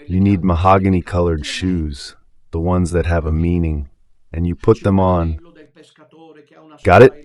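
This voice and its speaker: Over the radio, a man with an Italian accent and a low, darkish voice offers fervent religious commentary. He's a preacher given to emphatic rhetoric, repeatedly asking listeners if they follow him.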